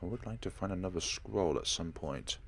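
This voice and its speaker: A man's voice: deep voice, lively intonation, normal speed, creaky, a bit bright, a little hiss or hum. A man hosting a horror-game let's play. He reads the game's dialogue aloud and breaks into dramatic outbursts. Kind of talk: gaming commentary reading game dialogue aloud.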